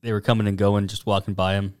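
A man hosting a casual comedic chat, relaxed, laughing as he tells stories. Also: fairly low pitch, fast, smooth. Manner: easygoing storyteller, laughs often. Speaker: podcast host presenting news stories.

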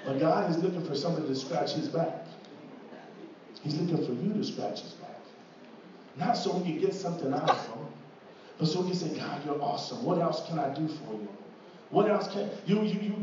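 High-voiced preacher in an echoey church. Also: male voice. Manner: repeats words, asks the church "right?" often, builds to loud passages. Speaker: pastor. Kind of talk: sermon. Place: church hall. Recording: echoey hall from far off, dull.

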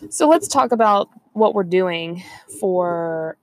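A woman's voice: fairly low pitch, expressive, slow pace, no echo. A woman, chatting casually and rambling on a podcast, laughing often. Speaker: podcast co-host. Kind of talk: casual chat.

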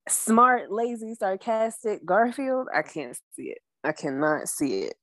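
Lively woman podcaster, dry sound. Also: mid-range voice, a little slow, dry recording. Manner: joking, incredulous questions. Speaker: podcast co-host. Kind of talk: casual chat.

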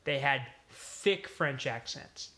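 A young man telling a story on a casual podcast, animated and swearing freely. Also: mid-range voice, slow. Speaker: podcast co-host. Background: pets in the room.

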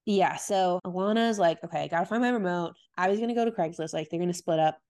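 A woman co-hosting a podcast, casually recapping a TV episode and slipping into quick quoted voices of the characters. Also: lowish voice, a little mellow. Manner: chatty, retells scenes with quick quoted voices. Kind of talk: casual chat.

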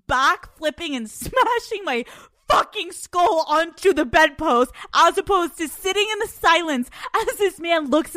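A woman's voice: high-pitched, pushed and bright, no room sound, studio quality. A young adult woman hosting a podcast, telling a candid personal story in a frank, profane way and laughing often. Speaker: podcast host.

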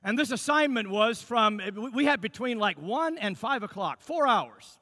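A middle-aged man preaching, telling a personal story in an animated way with many restarts. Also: very high-pitched, normal speed, hardly any pauses, big-room sound. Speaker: pastor.

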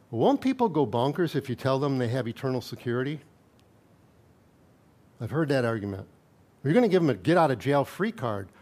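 A man's voice: mid-range voice, a little mellow. A male pastor preaching a sermon in a conversational way, reading scripture aloud with asides and light chuckles.

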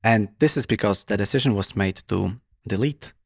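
A man's voice: lowish voice, moderate pace, vocal fry, dry recording, clean studio sound. A man hosting an interview in a guest's apartment, asking questions hesitantly, with fillers and rephrasings. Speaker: interviewer, podcast host. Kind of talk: casual conversational interview.

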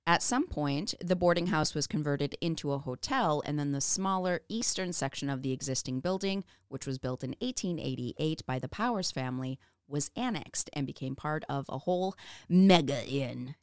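Low-voiced woman reading history notes. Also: animated, normal speed, smooth, no room sound, clean studio sound. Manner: laughs often, reads notes with asides. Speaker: podcast co-host. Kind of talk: casual chat, reading researched history.

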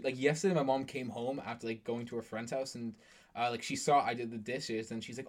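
Young guy on a podcast, chill animated storyteller, keeps saying bro, middling voice. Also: mid-range voice, quick pace. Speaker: podcast co-host. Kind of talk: casual chat.

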